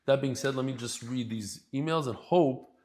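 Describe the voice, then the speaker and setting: A man's voice: mid-range voice, normal speed, darkish tone. A man teaching a daily Talmud class, talking in a casual, heartfelt and emotional way with many restarts. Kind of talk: casual heartfelt lesson intro.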